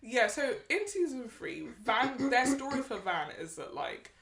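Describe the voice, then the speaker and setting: A woman co-hosting a podcast, telling stories in a lively way and acting out the quotes. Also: fairly high pitch, unhurried, vocal fry. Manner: animated storytelling, acts out quotes. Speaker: podcast co-host. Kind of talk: casual chat. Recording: roomy echo.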